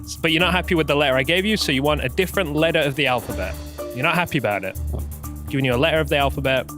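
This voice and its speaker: A man's voice: a little high, rapid-fire, music in the background. A man hosting a playful quiz on an esports panel, teasing the others and laughing between clues. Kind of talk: playful studio banter.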